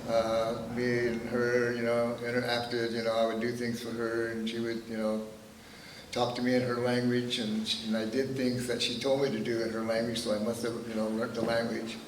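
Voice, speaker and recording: A man in his seventies telling his family's history at a teach-in, halting and full of "uh" and "you know". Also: medium pitch, little pitch movement, slight background noise. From Northern California. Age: 70s. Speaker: speaker at a teach-in. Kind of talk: personal storytelling talk. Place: meeting room. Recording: echoey room, recorded from a distance.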